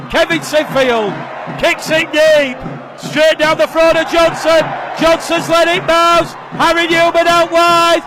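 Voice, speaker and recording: A man calling a live rugby league match, his voice rising to shouts on big plays. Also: very high-pitched, steady tone, measured pace, music in the background. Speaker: play-by-play commentator. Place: stadium commentary position. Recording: broadcast with crowd and ambient noise. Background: crowd noise.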